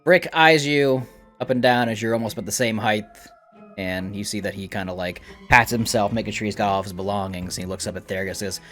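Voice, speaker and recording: A man narrating a tabletop game as its game master, his voice on the low side. He talks casually and hesitates often. Faint music sits under his narration. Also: fast, a bit bright.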